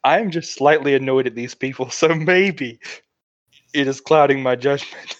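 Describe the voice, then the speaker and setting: A man's voice: mid-range voice, moderate pace, dry recording. Dry-voiced man playing a tabletop game. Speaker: player. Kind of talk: casual tabletop play. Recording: dull dry sound.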